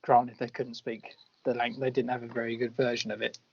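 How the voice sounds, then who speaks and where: A man's voice: medium pitch, little pitch movement, fairly quick, vocal fry, slightly rough. A man co-hosting a casual film review podcast, easygoing and agreeable. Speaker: podcast co-host. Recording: lo-fi podcast audio.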